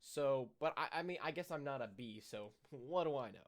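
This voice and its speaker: Man, movie review, casual, dry sarcastic tone, mid pitch. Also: expressive, fairly quick. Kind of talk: casual commentary.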